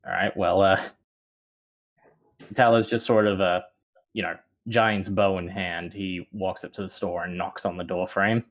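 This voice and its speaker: Casting: player, very low male voice, calm and measured. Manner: calm, describing his character's actions. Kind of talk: tabletop game play.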